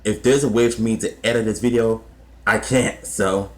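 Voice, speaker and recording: A man's voice: fairly low pitch, measured pace, pauses often. A man reacting to a clip in casual commentary, heartfelt and plain-spoken with sighs. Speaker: video reactor.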